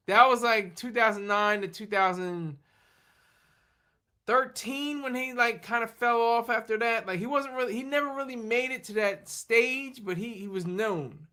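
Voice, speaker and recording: Worn out and running on fumes, a livestream host rambles through casual chat, answering viewer comments as they appear and laughing often. Her voice is mid-pitched, bright and forceful, moving a little slowly.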